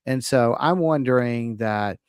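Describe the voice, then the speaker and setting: A man's voice: mid-range voice, unhurried, a little mellow, clean tone, dry recording, clean studio sound. A man hosting a casual discussion, thinking aloud with frequent restarts and acting out scenarios. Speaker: host.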